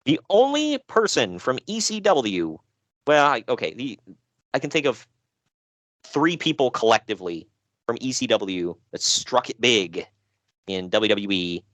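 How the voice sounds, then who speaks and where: A man in casual podcast talk, sighing and laughing as he goes. His pitch swings widely around a middle register. The sound is dry and close. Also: a little slow, no echo. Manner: animated, laughing, sighing, fillers. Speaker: podcast co-host. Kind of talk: casual chat.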